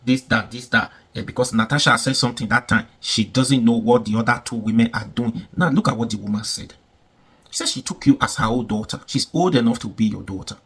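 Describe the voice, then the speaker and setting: A husky-voiced man talks straight to his audience at a middling pitch. He argues in loose, repetitive bursts and keeps firing rhetorical questions. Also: brisk. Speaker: commentator. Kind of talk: casual commentary.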